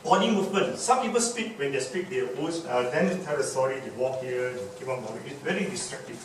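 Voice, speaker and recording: A man's voice: mid-range voice, fast. A man giving a public speaking workshop lecture, emphatic and demonstrative, repeating key words to drive them home. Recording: very echoey room, distant mic, background noise.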